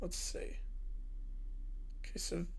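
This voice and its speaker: A man casually hosting a livestream, relaxed and reacting as he reads viewer messages aloud. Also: takes it slowly, whispered. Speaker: livestream host.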